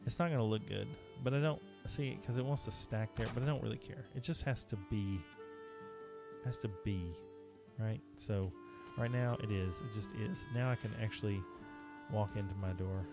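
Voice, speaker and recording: Over background music, a man plays a video game on a live stream and chats casually with viewers as he goes. His voice sits on the low side at a moderate pace.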